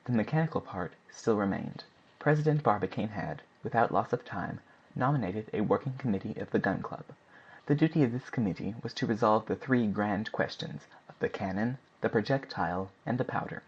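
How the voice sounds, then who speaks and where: Husky man reading a classic novel aloud. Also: lowish voice, fairly quick. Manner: steady, even-paced reading. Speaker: audiobook narrator. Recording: dull lo-fi recording.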